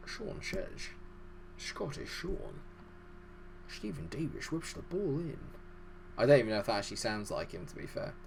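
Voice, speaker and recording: A man giving fast, excitable live commentary over a football management game, chatty and self-deprecating. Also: low voice, slight background noise. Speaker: gaming YouTuber.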